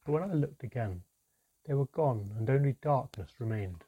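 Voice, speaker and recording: A man narrating a fantasy story in the first person, measured and suspenseful, sometimes dropping to a whisper. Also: mid-range voice, animated, husky, no echo. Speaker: audiobook narrator. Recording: dry, slightly dull audio.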